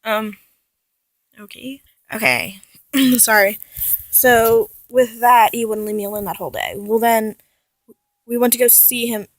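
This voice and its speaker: A woman's voice: a little high, steady tone, unhurried, pauses often, dry recording. A young woman vlogging casually about her life, rambling and often correcting herself as she talks. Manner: rambling, restarts and self-corrections, chatty. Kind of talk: casual personal vlog.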